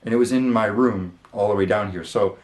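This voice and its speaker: A man's voice: fairly low pitch, brisk, echoey room. A man hosting his channel, telling a story in a casual, rambling way, with lots of fillers and the odd swear word. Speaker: channel host. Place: his room.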